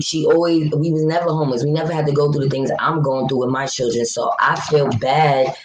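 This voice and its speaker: A woman's voice: low-pitched, a little hiss or hum, poor audio. A woman, a mother, chatting casually on a livestream and reading out viewer comments. Blunt, outspoken and often profane. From New York City. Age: adult mother of young children. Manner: fast, animated rants. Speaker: vlogger.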